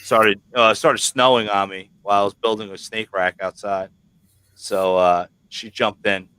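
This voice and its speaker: A man's voice: lowish voice, fairly even intonation, unhurried, pushed and bright, smooth, no echo. Male host, New York accent, casual joker, dry close mic. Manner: chatty, joking, swears casually. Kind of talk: casual livestream chat.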